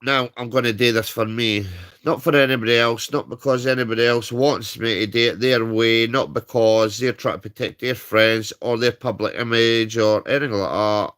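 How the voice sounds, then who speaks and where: British man, livestream rant, heated, swears a lot, mid-pitched voice. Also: fairly even intonation, normal speed, a bit bright. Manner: heated, swearing, repeats "right?". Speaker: streamer.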